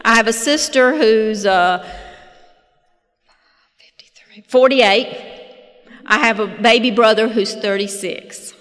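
At a recovery meeting, a woman in her fifties offers personal testimony through humorous storytelling. Her voice sits on the high side with a fairly bright tone and a measured pace, and she comes across as folksy and self-deprecating, chuckling as she goes. Long hall reverb is audible.

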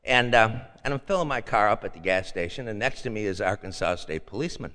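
An older man shares rambling personal stories at a meeting, repeating himself in a folksy way. His voice is bright and forceful, and it rings with a long reverb from the hall. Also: lowish voice, lively intonation, fast. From Chicago. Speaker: speaker sharing at a meeting.

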